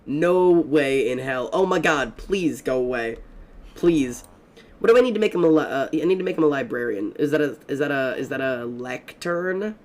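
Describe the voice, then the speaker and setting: A young man streaming a game, telling stories in a fast, rambling, excitable way, swearing often. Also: mid-range voice. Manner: excitable and profane, fast rambling storytelling with many fillers. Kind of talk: casual gaming stream chat.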